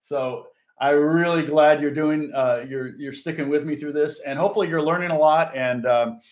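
A man's voice: fairly high pitch, normal speed. An older man casually teaching a guitar lesson, rambling and chatting with viewers as he goes. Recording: echoey room with guitar playing.

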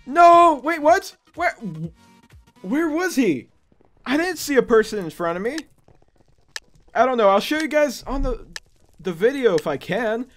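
A young man giving gameplay commentary as a YouTuber, excitable and prone to panicked yelps and screams before dropping back to quiet muttering. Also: very high voice, unhurried, pauses often, soft background music. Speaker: gaming YouTuber.

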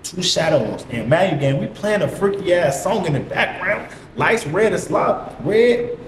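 A man's voice: sits high, lively intonation, measured pace. A young man telling a story in a casual, slangy, profane monologue full of repeated catchphrases. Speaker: vlogger. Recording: echoey room, faint hiss.

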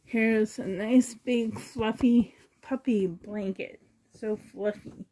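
A woman chatting to herself and her viewers while sorting doll clothes, sentimental and softly laughing. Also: fairly high pitch, fairly even intonation, takes it slowly. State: emotional, choked up. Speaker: reborn doll collector vlogger.

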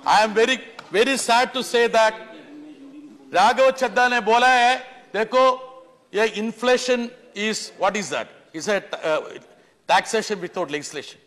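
Indian-accented middle-aged male MP, fervent, high voice, long hall reverb. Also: normal speed, fairly bright tone. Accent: Indian English. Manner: impassioned, keeps pleading "sir", rhetorical lists. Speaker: member of parliament giving a speech. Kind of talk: parliamentary speech. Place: large legislative chamber. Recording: echoey chamber with long reverb.

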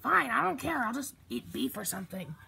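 A sick, sulky young bird boy, put on by a woman, with a raspy, heavily gravelly voice that slides all over in pitch. He sounds weary and drained. The tone is bright and pinched. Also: very animated, brisk, full character voice. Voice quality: gravelly, breathy.

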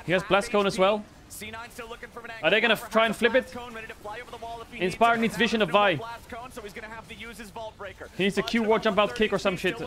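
Male streamer, high voice, excitable live reaction, frequent laughter and swearing. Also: moderate pace, pauses often.

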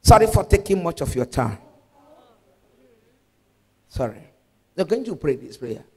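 Lively Nigerian woman evangelist preaching. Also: on the low side, unhurried, slightly rough, in a large hall. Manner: animated preaching, mixing in Pidgin. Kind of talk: sermon.

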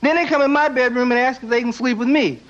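A young man doing stand-up comedy with wry, deadpan asides, acting out the people he talks about. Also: extremely high pitch, quick pace. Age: young adult. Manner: wry, deadpan asides, acts out quoted characters. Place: stage before a live audience. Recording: dull lo-fi TV broadcast, loud crowd and noise.

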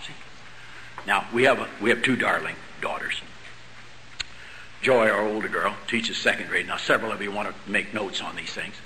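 A man's voice: on the low side, sharp tone, slight background noise, poor audio. A middle-aged man giving a lecture-style sermon, emphatic, hammering key words and dropping rhetorical questions and dry joking asides. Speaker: convention speaker.

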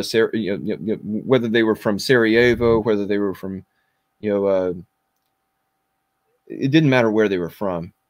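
Low-voiced man telling his story bluntly. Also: no echo, clean studio sound. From Kentucky. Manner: blunt and intense, with frequent fillers. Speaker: podcast guest. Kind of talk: personal storytelling.

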